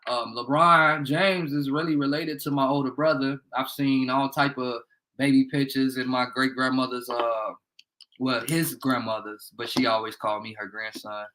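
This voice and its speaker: This young Indiana livestream host talks from his bedroom in a mid-range voice with a sharp tone, fairly even intonation, and moderate pace. He rambles, swears freely, and calls out viewers by name in a rough recording.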